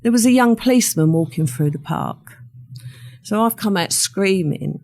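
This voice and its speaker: A woman's voice: medium pitch, animated, moderate pace, darkish tone. An older woman, a podcast guest recounting a personal story in conversation and acting out what others said. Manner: vivid storyteller who acts out what others said.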